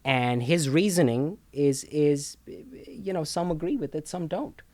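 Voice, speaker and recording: A man's voice: fairly high pitch, expressive, unhurried, darkish tone, no room sound. A man co-hosting a casual talk show, explaining finances emphatically, repeating words and checking in with "okay?" a lot.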